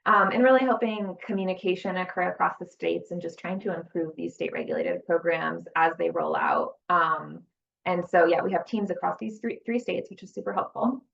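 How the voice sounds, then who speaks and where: A woman's voice: fairly low pitch, normal speed, vocal fry, a bit bright. A woman, a nonprofit director, presenting on a video call in a plain, organized way. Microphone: computer mic on a video call. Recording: dull, lo-fi call audio.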